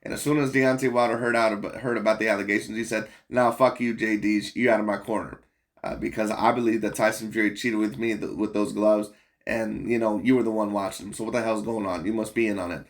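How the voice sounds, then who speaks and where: Male channel host, lowish pitch; casual, profane, rambling reaction commentary. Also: level tone, quick pace. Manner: blunt, profane, rambling with fillers and laughs.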